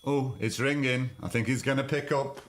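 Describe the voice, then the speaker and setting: A man's voice: medium pitch, steady tone, moderate pace, slight background noise. A man hosting a comedy podcast, rambling in a dry, sarcastic way. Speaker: podcast host.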